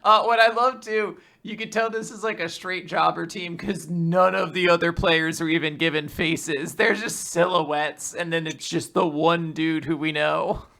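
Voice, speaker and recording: Man co-host, casual chat, blunt and enthusiastic, swears a lot, gravelly, bright edge, fairly high voice. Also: fairly even intonation, measured pace, hardly any pauses. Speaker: podcast co-host.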